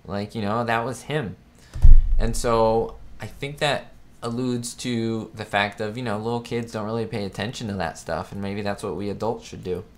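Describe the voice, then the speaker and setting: A man with a slightly low voice hosts a casual live stream. He talks on in a chatty, rambling way. He often breaks off to fix his own facts. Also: fairly even intonation, moderate pace, slight background noise. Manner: rambling, chatty, self-correcting. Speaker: host of a live chat show. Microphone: webcam setup.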